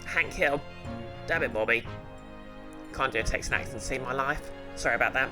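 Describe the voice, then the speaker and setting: Very low-voiced joking woman streamer. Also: fairly quick, pauses often, low-quality recording. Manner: joking, self-deprecating. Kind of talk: casual game commentary. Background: game music.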